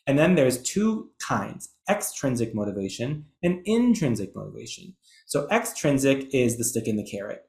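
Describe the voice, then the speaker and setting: A man's voice: medium pitch, very animated, moderate pace, gravelly, darkish tone. Man, webinar presenter, enthusiastic, conversational, roomy echo. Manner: chatty, enthusiastic, self-deprecating. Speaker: presenter, educator. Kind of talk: webinar lecture.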